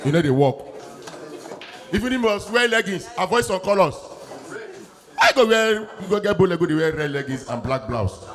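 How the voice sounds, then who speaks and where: A man with a Nigerian Pidgin accent doing an animated stand-up set, acting out his bits loudly. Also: sits high, moderate pace, pauses often. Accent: Nigerian Pidgin English. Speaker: stand-up comedian.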